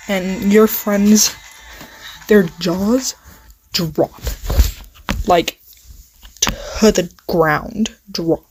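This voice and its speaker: Woman rambling thru a listener roleplay story, super slow, lots of ums n sorrys, quiet music going behind her. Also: mid-range voice, steady tone, low-quality recording. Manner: rambling, heavy on fillers, apologizes and restarts. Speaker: channel host. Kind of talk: improvised second-person listener role-play narration. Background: faint music playing.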